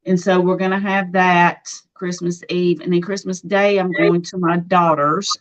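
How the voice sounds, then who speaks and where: Chatty Southern woman, low voice. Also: level tone, normal speed, muffled recording. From Nashville, Tennessee. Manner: chatty, laughs often, rambling. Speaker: co-host of a live Q&A. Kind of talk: casual chat.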